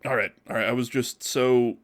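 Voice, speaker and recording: A man's voice: mid-range voice, fairly even intonation. Easygoing, jokey male podcast host. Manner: easygoing and jokey, quick to laugh. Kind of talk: casual interview chat.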